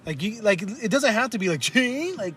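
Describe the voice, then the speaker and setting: A man's voice: high voice, quick pace, slight background noise. A man hosting a casual podcast, reviewing a movie, swearing and acting out lines. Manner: excitable, swears a lot, acts out lines. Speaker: podcast host. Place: collectibles shop.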